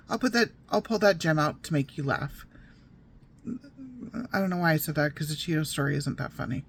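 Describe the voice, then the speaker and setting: A woman's voice: lowish voice, fairly bright tone. Wry woman reading her memoir aloud. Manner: wry, digressive, talks straight to listeners. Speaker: memoir narrator.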